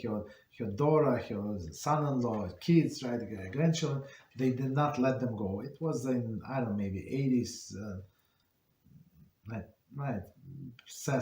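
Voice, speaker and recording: A man teaching an online Torah class, telling a story haltingly with many fillers and restarts. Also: mid-range voice, a little mellow. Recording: roomy echo.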